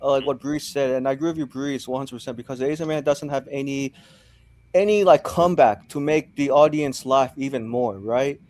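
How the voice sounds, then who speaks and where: A man's voice: medium pitch, steady tone, a little fast, a little mellow. A man hosting a casual panel discussion, agreeing often and stumbling over words as he goes.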